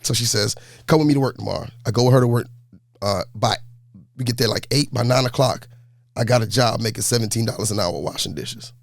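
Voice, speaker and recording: A man, a basketball coach telling his life story in a laid-back, animated way during an interview. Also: mid-range voice, fast talker, vocal fry, no echo, studio quality. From New York. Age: 40s. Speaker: high school basketball coach.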